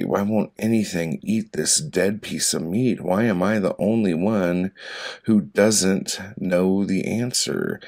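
A man reading his own poems aloud for an audiobook, with a dry, deadpan delivery and slow pauses between short lines. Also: low voice.

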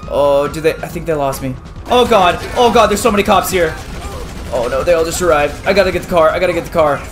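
Young male gaming YouTuber, higher-pitched voice, jumpy live commentary, faint music behind. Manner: excitable, swings from muttering to yelping. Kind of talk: game commentary.

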